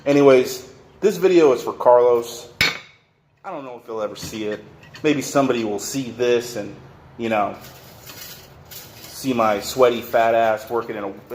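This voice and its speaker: Standing in a workshop with an echoey room and background noise, a man vlogs a rant straight to camera. His mid-range voice rambles along profanely as he repeats himself and keeps starting over.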